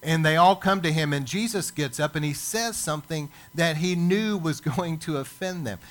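A male pastor preaching a sermon, building emphasis with dramatic pauses. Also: a little high. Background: church service.

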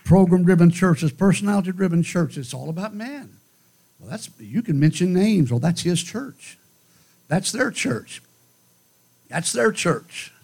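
A man's voice: sits high, expressive, a little slow, vocal fry, darkish tone, husky. A man preaching a fiery revival sermon at a church conference, with emphatic, rhythmic repetition. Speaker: guest preacher.

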